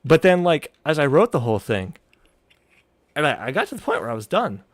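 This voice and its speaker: A male streamer talks over a video in loose, profane commentary, rambling, cutting himself off, restarting often and laughing. He's very animated and a little fast, his pitch swinging widely. The sound is close and dry, with no room tone or echo.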